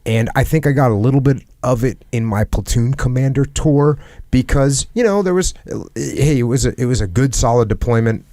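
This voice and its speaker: With a dark tone, mid-range pitch, and moderate pace, a middle-aged man from the United States hosts a podcast in a recording free of echo. He reflects earnestly in conversation, often repeating phrases to stress them.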